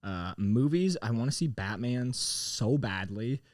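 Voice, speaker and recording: A man's voice: mid-range voice, unhurried, no room sound, studio quality. A young man, a comedian guest, telling stories in casual chat, swearing often and acting out other people's voices. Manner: animated storyteller, swears a lot, acts out voices.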